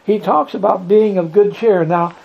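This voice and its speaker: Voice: mid-range voice, normal speed, creaky, dull audio. A Bible study leader teaching in a loose, folksy way, chuckling often and acting out scripture lines in bigger voices.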